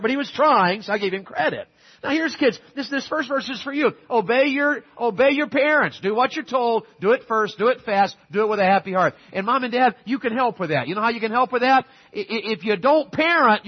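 A man's voice: very high-pitched, lively intonation, a little fast, slightly rough, dull audio. A middle-aged man preaching a sermon as pastor, telling folksy stories and pressing his points emphatically. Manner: folksy storytelling, emphatic exhortation.

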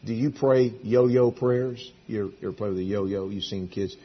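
A middle-aged man preaching a sermon, shifting from hushed, intimate lines to loud, emphatic bursts, with a husky voice. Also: on the low side, normal speed, muffled recording. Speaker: pastor.

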